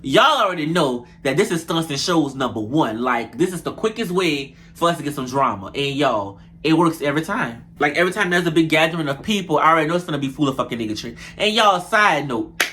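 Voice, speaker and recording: A young man, reviewing a reality show episode in animated, profane, gossipy casual chat. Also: a little high, fairly quick. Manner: animated, profane, gossipy, addresses viewers as y'all.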